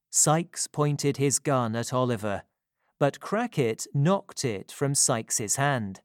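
A storybook narrator reading at a deliberately slow, measured pace. The voice sits at a middling pitch and is recorded close and dry, with no room sound. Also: animated, dry recording.

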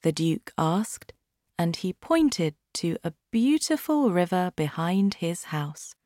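A woman reads a storybook aloud very slowly and clearly. Her voice sits rather low and sounds dry and close to the mic. Each word is deliberate and easy to follow. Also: sing-song, warm tone, dry recording. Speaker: audiobook reader. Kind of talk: graded-reader storybook narration.

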